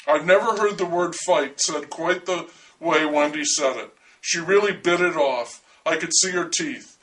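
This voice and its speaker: A man's voice: fairly high pitch, unhurried, fairly bright tone, recorded from a distance, rough recording. A man reading a first-person story aloud in a wry, dryly humorous way.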